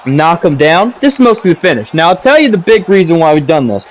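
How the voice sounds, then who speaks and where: Casual male gamer commentator, high lively voice, rants and repeats himself. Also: quick pace, low-quality recording. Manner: animated, ranting, repeats himself, says boom a lot. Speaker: gaming commentator. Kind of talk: casual commentary over gameplay footage. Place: home gaming setup, seated.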